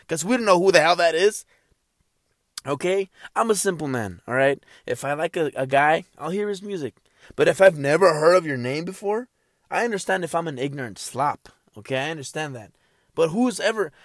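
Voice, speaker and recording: A young man ranting in a casual monologue, animated and profane, repeating himself and laughing at his own points. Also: fairly high pitch, dry recording, clean studio sound.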